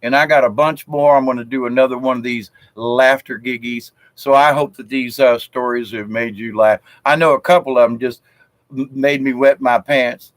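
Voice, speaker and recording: A medium-pitched man from South Georgia keeps a moderate pace and fairly even intonation while trading jokes in casual live-stream chat. He chuckles in a folksy way and leans on frequent fillers. There's no room sound, and the audio is poor.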